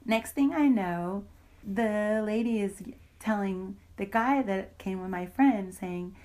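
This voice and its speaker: A woman's voice: medium pitch, slow, darkish tone, low-quality recording. A woman in an interview, bluntly recounting a personal story with heavy profanity and indignant emphasis.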